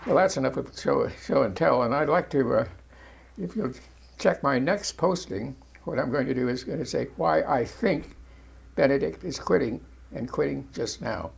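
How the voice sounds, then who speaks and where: A man's voice: medium pitch, moderate pace, vocal fry, husky. An older man giving folksy, informal video commentary, talking straight to his viewers as friends. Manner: folksy, addresses viewers as friends, frequent restarts.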